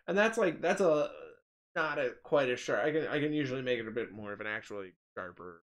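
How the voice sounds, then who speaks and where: Man, casual chat, very lively pitch, laughs a lot, acts out quotes. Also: a little fast, highs cut off. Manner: animated storyteller who laughs often and acts out quotes.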